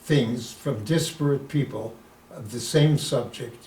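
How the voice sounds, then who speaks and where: A man's voice: medium pitch, a little slow. Man in his nineties telling stories. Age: 90s. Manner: lively storyteller who sprinkles in Yiddish words. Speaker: guest, retired rabbi. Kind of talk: anecdotal storytelling in an interview. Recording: echoey room, distant mic, faint noise.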